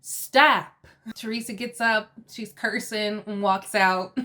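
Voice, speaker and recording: A woman's voice: mid-range voice, fairly even intonation, measured pace, pushed and bright. A woman casually recapping a reality TV episode, chatty and laughing often as she acts out the quotes. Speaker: TV recap host.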